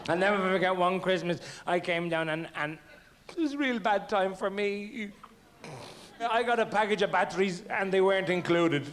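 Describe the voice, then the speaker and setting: A man's voice: sits high, steady tone, normal speed. A man telling comic childhood stories on stage, with a stammering, mock-innocent delivery. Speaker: stand-up comedian. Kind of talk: stand-up storytelling. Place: theatre stage. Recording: noisy old VHS tape.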